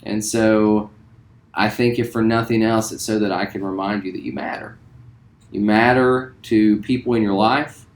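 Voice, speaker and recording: Friendly man with a low voice in an echoey room. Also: normal speed. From West Virginia. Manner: relaxed, friendly, frequent ums and uhs. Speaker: high school theater teacher. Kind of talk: recorded self-introduction to students. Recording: roomy echo.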